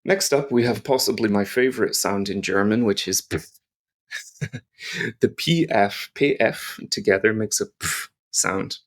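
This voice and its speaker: A man's voice: lowish voice, a little slow. A man teaching pronunciation to learners, patiently explaining and modelling each sound. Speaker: language teacher.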